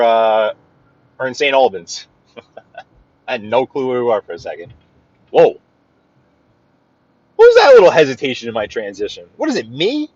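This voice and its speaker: A man's voice: on the high side, dry recording. Brooklyn man with a New York accent, live-streaming from behind the wheel, rambling and greeting viewers, dry and slightly muffled car sound. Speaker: livestream driving host. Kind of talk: casual live-stream chat while driving. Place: inside a car in city traffic.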